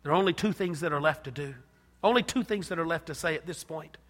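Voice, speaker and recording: A man preaching a sermon with passion, dropping to a hush and then rising loud. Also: fairly high pitch, fast. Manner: impassioned, swinging from hushed to loud. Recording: long hall reverb.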